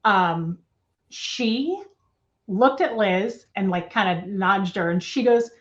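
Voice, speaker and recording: A woman at home, telling an interviewer her story in a halting, emotional way, with restarts and nervous laughs. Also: mid-range voice, expressive, highs cut off. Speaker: interview guest. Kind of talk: personal testimony in a remote interview.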